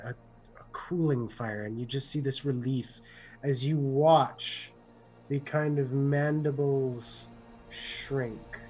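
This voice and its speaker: A man narrating a tabletop game as game master, painting scenes slowly with restarts and filler words. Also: on the high side. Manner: slow, descriptive narration with frequent restarts and softening fillers.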